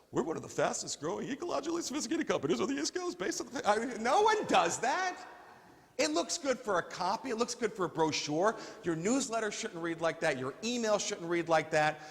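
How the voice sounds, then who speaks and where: High-voiced animated man teaching a seminar. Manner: animated, jokey, emphatic teaching. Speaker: staffing industry trainer. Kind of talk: live marketing seminar talk. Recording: long hall reverb.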